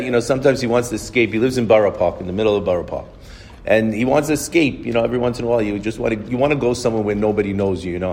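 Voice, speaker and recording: A man's voice: medium pitch, darkish tone. A man telling anecdotes to an audience in a rambling, conversational way, with frequent restarts. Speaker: speaker telling stories to an audience. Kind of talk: anecdotal storytelling talk. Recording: echoey hall, faint noise.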